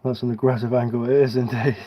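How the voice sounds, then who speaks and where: A relaxed live-stream host rambles and jokes at his own expense as he carves, talking casually through a headset with a mic. His voice is mid-range and his pace quick.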